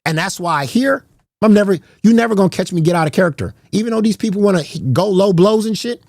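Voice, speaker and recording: A man rants to his stream audience, raised in pitch and heated, repeating his points and swearing at rivals. The sound is dry and close, with no room around it. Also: fast, gravelly, a little mellow, dry recording. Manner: confrontational, profane, repeats himself. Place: garage.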